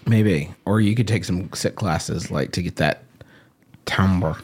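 A man's voice: low voice, slow pace, husky. A man co-hosting a podcast, joking and wry in casual chat. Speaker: podcast co-host.

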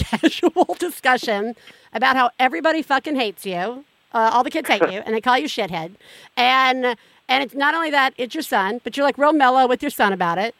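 High-voiced woman co-host, dry sound. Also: a bit bright, no echo. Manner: chatty, retells stories with quick laughs. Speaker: podcast co-host. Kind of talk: casual interview chat.

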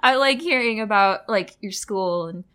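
A woman's voice: mid-range voice, normal speed, sharp tone, clean tone. A woman co-hosting a podcast in casual chat, playful and laughing often. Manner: giggly, playful. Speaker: podcast co-host.

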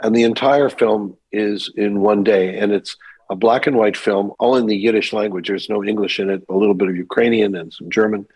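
An older male actor telling stories as a guest on a podcast interview, lively as he recounts anecdotes. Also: fairly low pitch, fairly quick, slightly rough, no room sound, low-quality recording. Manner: animated anecdote teller, mimics voices in quotes.

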